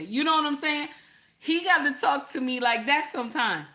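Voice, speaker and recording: Older woman, content creator, live stream, bright clear voice, animated, repeats her points, greets viewers by name. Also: sits high, moderate pace. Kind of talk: casual live-stream talk giving relationship advice.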